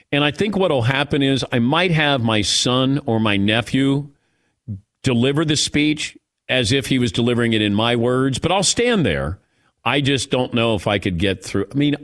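A man's voice: medium pitch, animated, normal speed, fairly bright tone. A middle-aged man hosting a sports talk radio show, chatting casually in a reflective, self-mocking way.

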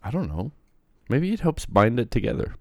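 A man's voice: mid-range voice, very animated, normal speed, creaky, darkish tone, no echo, clean studio sound. A man co-hosting a casual podcast chat, trading wry, offhand jokes.

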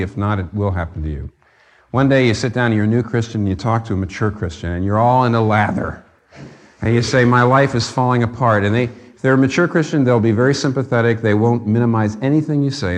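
This pastor's voice is fairly low and a little mellow. He preaches earnestly and conversationally, with fillers and restarts, rising to fervent emphasis on key points.

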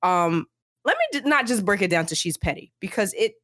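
A woman's voice: mid-range voice, a little fast, dry recording, studio quality. A woman co-hosting a podcast, talking casually and with emphasis about a book chapter. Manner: animated, emphatic, repeats herself. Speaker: podcast co-host.

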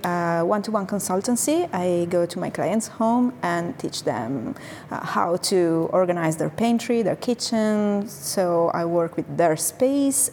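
A woman from Genoa, a food coach speaking as a guest, pausing often and filling gaps while she finds her words. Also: medium pitch, a little mellow, a little hiss or hum. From Genoa, Italy. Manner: hesitant, many fillers while searching for words. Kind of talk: conversational interview.

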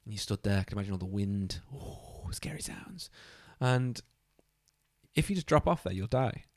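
A man's voice: fairly low pitch, lively intonation, fairly quick, dry recording, clean studio sound. A man chatting casually about a video game, enthusiastic and swearing freely.

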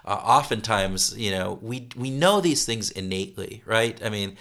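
A man being interviewed as a consultant, speaking in a halting way with many restarts and repeated words. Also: lowish voice, expressive, fairly bright tone. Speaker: consultant guest. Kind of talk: interview conversation.

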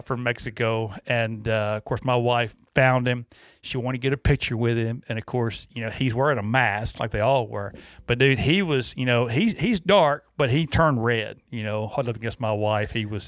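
A man telling a folksy, animated story in casual chat on a radio show. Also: medium pitch, no room sound, studio quality.

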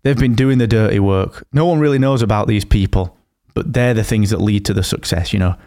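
A man co-hosting a casual podcast, relaxed and rambling, with blunt slang. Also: on the low side, a little fast. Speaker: podcast co-host. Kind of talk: casual chat.

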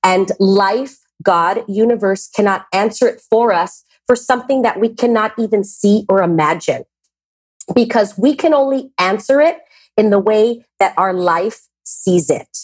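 A woman's voice: mid-range voice, measured pace, breathy edge, no echo. A woman talking as a podcast guest who teaches, telling stories and acting out quoted questions in a casual chat. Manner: expressive storyteller, acts out quotes.

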